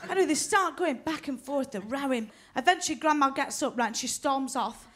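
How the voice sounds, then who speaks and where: On stage at a comedy club, a stand-up comedian with a high voice works through her routine, pairing deadpan punchlines with rapid character voices. The stage mic picks up the live crowd laughing.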